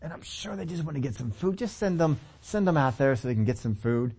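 A man's voice: on the high side, expressive, a little fast, a little mellow, breathy edge. A man preaching a sermon, telling the story with humor, acting out the characters and asking the audience questions. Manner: laughs often and asks the audience questions.

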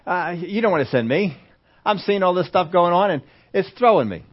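A man's voice: sits high, fairly quick, voice pushed up. A man voicing an anxious, reluctant man pleading with his god, flustered and begging to be let off. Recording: dull lo-fi recording.

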